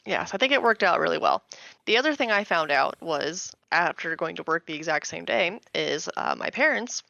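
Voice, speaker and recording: Gravelly bright-voiced woman telling a story. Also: lowish voice, expressive, moderate pace, no room sound, lo-fi sound. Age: 30s. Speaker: podcast co-host. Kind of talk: casual podcast chat.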